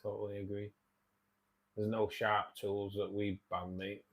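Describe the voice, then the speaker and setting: Manchester bloke in his 40s, lowish voice, chats with his viewers like mates. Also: completely flat delivery, unhurried. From England, outskirts of Manchester. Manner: chatty, matey, reads out and answers viewer comments. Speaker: livestream host. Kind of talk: casual livestream chat.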